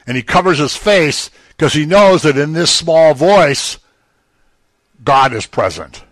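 A man's voice: mid-range voice, fairly bright tone, dry recording. A man preaching a sermon in a conversational teaching manner, rising emphatically on key phrases. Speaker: pastor.

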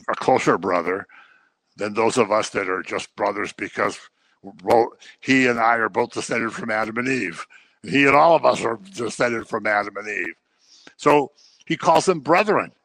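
A preacher teaches the Bible conversationally, telling its stories and acting out the people he quotes, informally and with fillers and restarts. His voice is fairly low and fairly bright, at normal speed, in a dry recording.

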